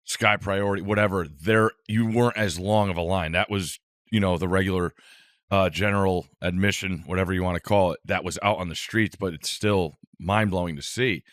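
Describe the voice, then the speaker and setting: A man's voice: sits low, steady tone, fairly quick, a bit bright, no echo, studio quality. A man co-hosting a podcast, telling a rambling, self-amused travel story in casual chat.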